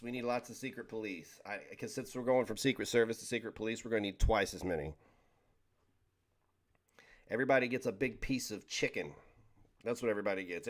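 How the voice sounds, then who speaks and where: Rambling, joking man chatting on stream. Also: on the low side. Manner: rambling, joking, stumbles over words. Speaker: livestream host reading chat. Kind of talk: casual livestream chat.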